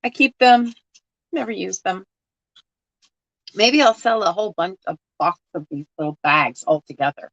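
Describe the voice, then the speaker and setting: A woman's voice: mid-range voice, lively intonation, normal speed, long pauses, no echo, dull audio. A woman chatting casually to viewers while sorting through a box of odds and ends, rambling and laughing at herself. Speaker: crafting vlogger. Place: at home.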